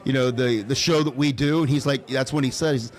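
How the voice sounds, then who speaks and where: A man's voice: medium pitch, steady tone, quick pace. A man hosting a radio show in casual chat. He tells rambling stories with many restarts. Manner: rambling storyteller, restarts often. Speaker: radio host.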